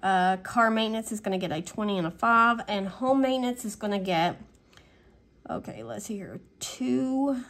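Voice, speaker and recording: A woman's voice: medium pitch, moderate pace, a bit bright. A woman in a casual vlog, chatting through her weekly budget and thinking aloud with frequent fillers. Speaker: budgeting vlogger.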